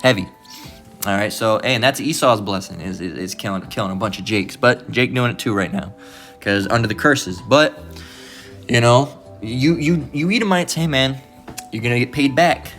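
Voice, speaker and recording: Brief: emphatic, profane man preaching, bright tense tone, habit of asking "all right?". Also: medium pitch, normal speed, soft background music. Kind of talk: informal preaching lesson.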